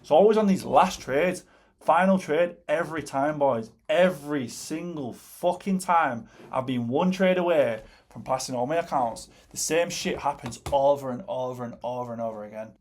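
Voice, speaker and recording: A man's voice: mid-range voice, normal speed, darkish tone. A young British man giving casual, slangy, swear-heavy commentary on his live trades, exasperated by near misses. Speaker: day trader.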